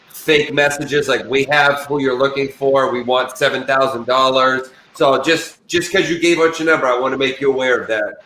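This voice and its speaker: A man's voice: mid-range voice, sharp tone. A man hosting an interview over a video call, speaking in a careful, reassuring, explanatory way. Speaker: host. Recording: roomy sound with faint background hiss.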